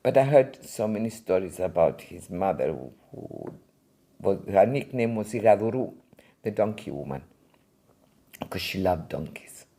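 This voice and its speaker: An older woman recounts her stories with a lively, swooping delivery. Her voice is gravelly and husky with a mellow, dark tone. She speaks in a relaxed interview. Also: a bass voice, unhurried. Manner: animated, vivid storyteller. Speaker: art collector and museum founder. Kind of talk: anecdotal storytelling interview.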